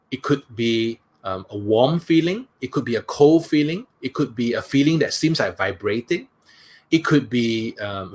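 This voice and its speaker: Soothing man. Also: medium pitch. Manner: slow soothing guidance, repeating "that's right" often. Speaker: workshop speaker. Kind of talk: guided breathing exercise and seminar talk.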